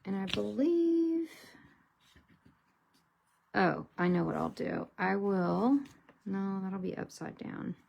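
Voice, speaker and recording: Slow-talking woman with a gravelly voice. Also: mid-range voice, expressive, darkish tone. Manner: chatty, unhurried, thinks aloud while working. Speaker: card-making host. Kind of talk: casual crafting tutorial.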